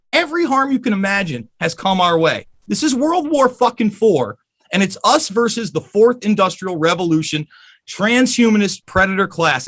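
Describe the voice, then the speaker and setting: A man's voice: high voice, a bit bright. Angry, profane man ranting. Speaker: podcast guest. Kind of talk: heated podcast rant.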